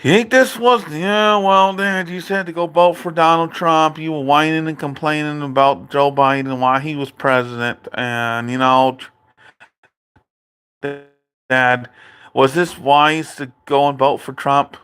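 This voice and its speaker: Man, vlog rant, indignant, repetitive, slow, bright forceful voice. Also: a little high, fairly even intonation, smooth. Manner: repetitive, indignant, talks straight to his father. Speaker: video creator. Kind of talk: ranting political commentary vlog.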